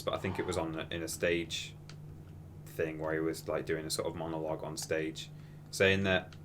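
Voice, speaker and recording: A man's voice: sits low, slight background noise. A man chatting casually while streaming a game, telling rambling, wry stories. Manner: rambling, wry storytelling with frequent restarts. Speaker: streamer playing a video game. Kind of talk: casual live-stream chat and commentary.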